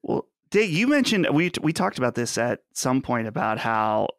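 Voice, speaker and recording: Gravelly, lively podcast host. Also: male voice, medium pitch, moderate pace, no echo, clean studio sound. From Western Pennsylvania. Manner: chatty, joking, animated. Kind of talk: casual podcast chat.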